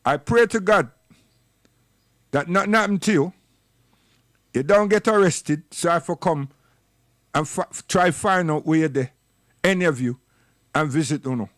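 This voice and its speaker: Man with a high voice, preachy and scolding, dry close sound, for a livestream rant. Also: normal speed, long pauses, a bit bright, dry recording. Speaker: livestream commentator. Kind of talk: impassioned livestream monologue.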